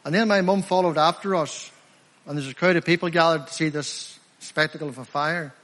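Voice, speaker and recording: Fervent Northern Irish preacher in a hall. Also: male voice, on the high side, fairly even intonation, a bit bright. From Northern Ireland. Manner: fervent, emphatic, slows down to stress key phrases. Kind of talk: evangelistic sermon. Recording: echoey hall, long reverb.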